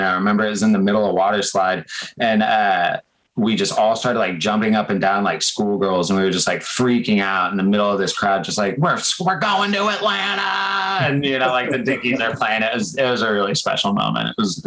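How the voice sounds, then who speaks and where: Band guest, low male voice, casual chatty storyteller, lots of "like" and "uh". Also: fast talker, poor audio. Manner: excited rambling with many fillers. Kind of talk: casual interview chat, storytelling.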